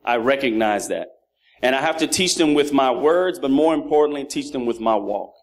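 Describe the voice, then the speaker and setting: With medium pitch and normal speed, a man in his thirties preaches a sermon laced with comic stories about his sons. He teaches about fatherhood in an animated way, imitating his kids' voices.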